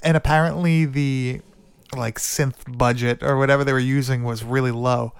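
Casual male podcaster, smooth clear voice, dry close sound, chatty and loose. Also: mid-range voice, fairly even intonation, moderate pace, no echo. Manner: loose and chatty, swears casually, stumbles over names. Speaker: podcast co-host. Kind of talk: casual movie discussion.

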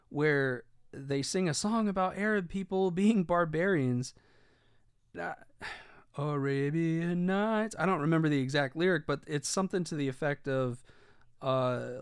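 A man's voice: on the high side, clear, resonant tone, dry recording, studio quality. A man giving casual video commentary, rambling and swearing, with many fillers and restarts.

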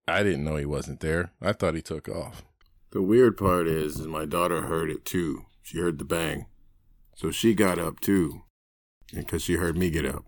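Low-voiced dude cussing his way through a long story, dry close mic. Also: steady tone, normal speed, no echo. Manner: profane, rambling, laughs while telling stories. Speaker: podcast host. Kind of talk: casual storytelling chat.

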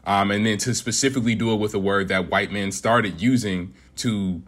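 A man, a hip hop artist, answering interview questions in an earnest, measured way and laughing easily. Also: fairly low pitch, a bit bright. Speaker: guest rapper.

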